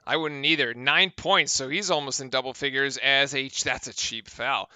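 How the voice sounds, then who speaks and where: A man calling basketball play-by-play in a very bright, crisp voice. He snaps through the action with brisk energy. The sound is close and dry, with no room around it. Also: mid-range voice, no echo. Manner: brisk, excited calls of the action. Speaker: play-by-play commentator.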